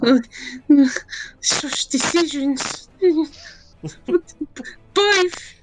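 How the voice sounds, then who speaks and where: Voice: high-pitched, extremely slow, fairly bright tone, exaggerated voice, rough recording. A woman voicing an eager female adventurer who talks in broken, childlike phrases during a tabletop game.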